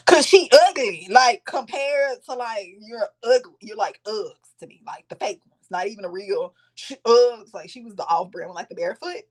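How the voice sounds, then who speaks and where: Animated, profane woman telling a story. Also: on the high side, moderate pace. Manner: animated, profane, dramatic quoting of others. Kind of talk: casual storytime.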